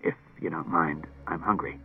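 A man's voice: mid-range voice, sing-song, moderate pace, gravelly, breathy edge, heavily acted. Man doing a sullen, fanatical suspect. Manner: sullen and muttering, flaring into shouts. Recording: tinny old radio broadcast.

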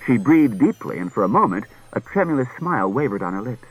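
A man's voice: medium pitch, very animated, fast talker, few pauses, breathy edge, faint music behind, rough recording. A man reading a novel aloud as an audiobook narrator, telling the story expressively. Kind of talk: scripted narration.

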